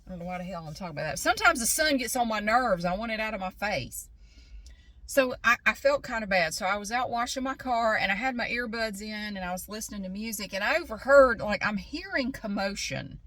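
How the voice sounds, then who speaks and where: A woman's voice: medium pitch, animated, a little fast, a bit bright, no room sound. A middle-aged woman chatting casually and rambling through a story, recorded in her parked car. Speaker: vlogger. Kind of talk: casual chat vlog.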